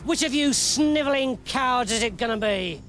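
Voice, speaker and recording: A man's voice: very high voice, expressive, normal speed, voice pushed up. A man doing an angry barking king. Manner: barking, contemptuous. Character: angry blustering king, impatient commander. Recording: music playing under the voice.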